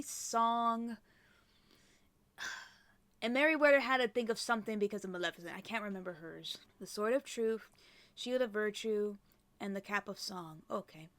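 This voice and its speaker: A woman giving casual gameplay commentary, chatty and often dropping into murmured, whispered asides. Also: mid-range voice. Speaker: let's play creator.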